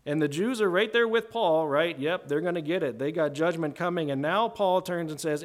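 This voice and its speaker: A man with a slightly higher voice preaches a verse-by-verse sermon. He talks in a casual way and keeps asking the room "right?" He stretches key words slowly and jumps up in pitch and volume for acted-out quotes. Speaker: pastor. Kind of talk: expository sermon.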